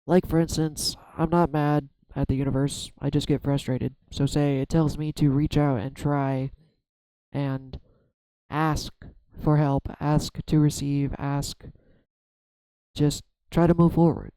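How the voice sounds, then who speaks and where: Man, tarot vlogger, soft dark tone, flat delivery, halting and self-searching, dry sound. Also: fairly high pitch, clean tone, no echo, rough recording. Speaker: tarot reader. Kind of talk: reflective solo tarot vlog.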